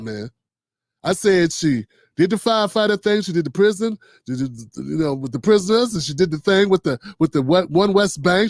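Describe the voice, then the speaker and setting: Middle-aged guy ranting casually on a livestream, pretty high voice, dry close sound, slangy and animated. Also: dry recording. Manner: loose, animated, riffing with slang and quoted voices. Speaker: host. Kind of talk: casual political commentary livestream.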